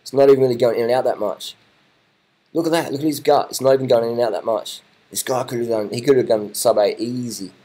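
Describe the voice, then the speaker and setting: A man giving casual live reaction commentary, excitable and repetitive, swearing now and then. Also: medium pitch, quick pace, low-quality recording. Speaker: video commentator.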